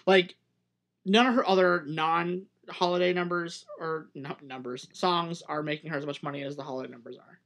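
A young man with a fairly high voice chatting casually on a podcast. He is animated and playful, slipping into silly put-on voices. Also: moderate pace. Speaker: podcast co-host, drag performer. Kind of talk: casual chat.

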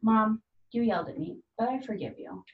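A woman in her thirties speaks earnestly and from the heart in a casual conversation, imitating the voices of the people she quotes. Her voice is on the high side and animated at a moderate pace, and the recording sounds dull, distant and echoey.

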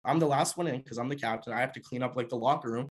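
A young man from Canada tells a personal story from his hockey years. He talks loosely and conversationally, with plenty of filler words. His voice sits at an ordinary middle pitch for a man. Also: rapid-fire, husky. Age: young adult. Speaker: former hockey player.

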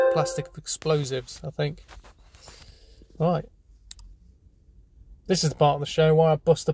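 A man's voice: fairly high pitch, vocal fry, no echo, studio quality. Rambling man, comic monologue. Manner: rambling, deadpan, full of restarts. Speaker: comedy show host.

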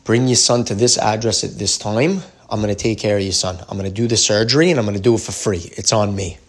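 A man voicing a calm, kindly eye surgeon. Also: on the low side, fast talker. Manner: steady, reassuring.

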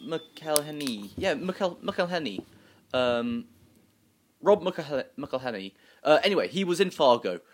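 A man's voice: fairly high pitch, very animated, measured pace. A man co-hosting a casual chat show, rambling, punning and often stumbling over his words. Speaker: co-host.

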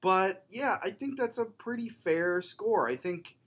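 A man co-hosting a casual podcast, agreeable and quick to laugh, often repeating "yeah". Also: sits high, a bit bright, slightly rough. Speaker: podcast co-host.

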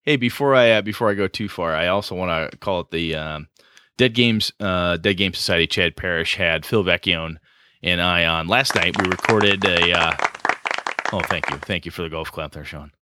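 A man's voice: low-pitched, normal speed, sharp tone, a little hiss or hum. A man co-hosting a tabletop gaming podcast, rambling enthusiastically with lots of fillers. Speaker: podcast co-host. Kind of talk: casual podcast chat.

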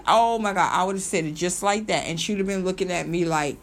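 A woman's voice: fairly low pitch, a little fast, hardly any pauses, a little hiss or hum. A woman hosting a video, telling a story in a loose, rambling way, full of ums and repeated phrases, and turning emphatic when she gets worked up. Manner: animated and emphatic, slips into mimicry. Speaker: video host. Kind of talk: casual storytelling commentary.

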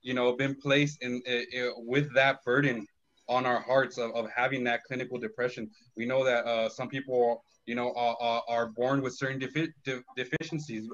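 A man in a Christian discussion, speaking slowly and thoughtfully, with many fillers and frequent "right?" checks. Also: medium pitch, flat delivery, fairly bright tone, lo-fi sound. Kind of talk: casual faith discussion.

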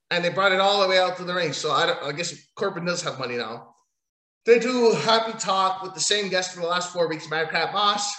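A man giving a rambling, crude and mocking recap of wrestling, breaking into loud outbursts. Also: high voice, roomy sound. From Italian heritage. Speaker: wrestling commentator. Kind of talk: profane casual wrestling recap.

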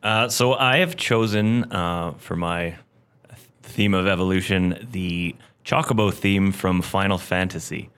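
A man's voice: low voice, unhurried, a bit bright, clear, resonant tone. A man, a guest on a casual podcast, sharing game trivia in a rambling way, often breaking off to correct himself. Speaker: special guest.

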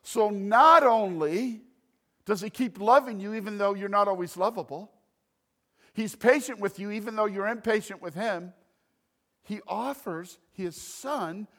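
An animated pastor with a high voice preaches at an unhurried pace, swinging between loud emphasis and quiet asides.

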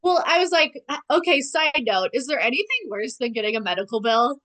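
A woman co-hosting a casual podcast, recapping a TV episode with sarcastic asides and quick acted-out lines of dialogue. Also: high-pitched. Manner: animated, sarcastic, acts out character lines. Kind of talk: casual chat.

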